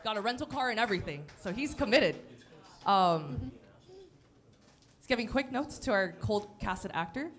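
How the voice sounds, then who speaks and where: A woman's voice: mid-range voice, animated, moderate pace, long pauses, fairly bright tone. A woman hosting a live script reading and announcing the cast in an upbeat way on a handheld microphone. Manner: upbeat, cheering introductions. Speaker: event host. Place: live event venue.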